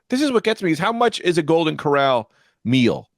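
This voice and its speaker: In casual chat on a comedy podcast he co-hosts, a young man tells stories with enthusiasm and acts out the characters he quotes. His voice is a little high, he talks at normal speed, and there's no room sound.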